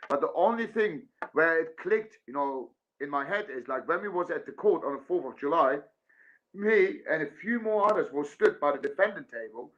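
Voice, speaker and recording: A man's voice: on the high side, a bit bright. A man telling a long, rambling story in casual conversation, acting out both sides of phone calls. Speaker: guest. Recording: dull lo-fi sound.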